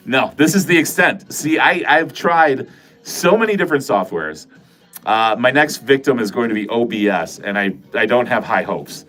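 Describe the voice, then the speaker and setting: A man's voice: mid-range voice, animated, moderate pace, fairly bright tone. A middle-aged man hosting a casual livestream from a corner of his home, chatting with viewers in a rambling, self-mocking and profane way. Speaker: livestream host. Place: corner of a home filming room.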